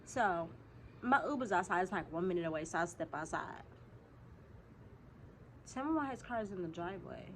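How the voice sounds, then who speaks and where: A woman vlogger telling a story to her viewers in casual chat, animated and profane, swinging from hushed asides to loud outbursts. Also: lowish voice, moderate pace, long pauses, slight background noise.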